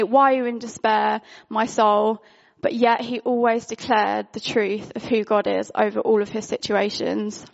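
A woman speaks in an informal, candid sermon, chatty and full of fillers. Her voice sits fairly high with a gravelly fry. The recording sounds dull and lo-fi. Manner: candid, conversational, frequent fillers. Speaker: worship speaker.

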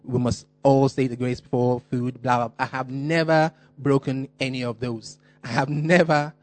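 A man's voice: medium pitch, little pitch movement, drawn-out words, dry recording. A man voicing an aggrieved older brother who pleads with his father and insists over and over. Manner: complaining, insistent repetition.

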